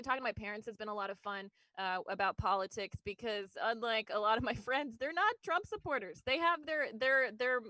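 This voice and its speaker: A woman doing a stand-up comedy set, her voice sitting on the higher side. She rambles, leans on fillers and small laughs, and turns every joke back on herself. The sound is dry and close. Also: bright, forceful tone, no room sound, poor audio. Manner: rambling, self-deprecating, frequent fillers and laughs. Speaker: stand-up comic.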